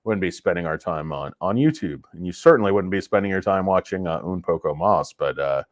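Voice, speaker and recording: A lower-pitched man hosts a loose livestream, chatting with viewers in a rambling, jokey way. He sounds stuffy from a head cold. The sound is dry and close, from a clip-on lapel mic. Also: animated, brisk, dry recording. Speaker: livestream host. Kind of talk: casual livestream commentary. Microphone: cheap lapel microphone.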